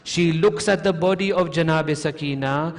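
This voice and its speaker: A man giving an emotional mourning sermon, reciting a story slowly and rising into high, pleading speech when quoting. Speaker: sheikh giving a majlis lecture. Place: large mosque hall. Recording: long hall reverb.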